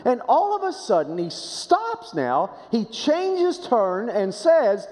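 A man preaching a sermon as pastor, swinging dramatically from hushed low phrases to raised, emphatic ones and repeating rhetorical questions. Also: wildly swooping pitch, slow, hardly any pauses, in a large hall.

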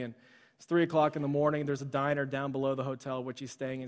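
Flat-voiced man preaching in a hall. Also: mid-range voice. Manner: conversational, with frequent fillers and restarts. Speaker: pastor. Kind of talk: sermon storytelling. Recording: long hall reverb.

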